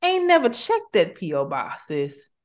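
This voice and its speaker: A woman's voice: medium pitch, measured pace. A woman hosting a faith podcast and working as a therapist, talking casually and expressively, calling her guest sis and baby. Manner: warm, expressive, uses 'sis' and 'baby'.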